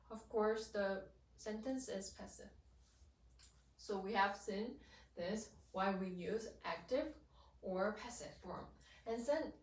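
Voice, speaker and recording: Woman, first language Korean, patient slow teacher, slightly high voice, miked from afar in a roomy space. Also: a little mellow, far from the mic. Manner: patient, repeats and restarts, stresses example sentences. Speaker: English teacher. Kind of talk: slow, careful grammar lesson. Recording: echoey room, voice off-mic.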